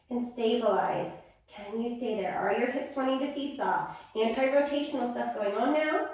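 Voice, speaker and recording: A woman fitness instructor calmly cueing a core stability class step by step. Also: on the high side. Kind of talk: guided exercise class. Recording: echoey room, far from mic.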